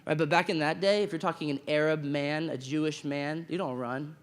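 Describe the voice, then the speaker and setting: Male chapel speaker, fairly high voice, animated storytelling sermon, long hall reverb. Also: a little fast. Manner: animated storytelling, acting out quotes, asks the room "right?". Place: school chapel.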